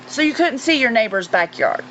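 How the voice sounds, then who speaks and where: A woman in her forties from North Carolina, a guest recounting a personal experience in an earnest, halting way with many fillers. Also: fairly high pitch, big pitch swings, fairly bright tone. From North Carolina, USA. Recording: muffled recording with faint hiss.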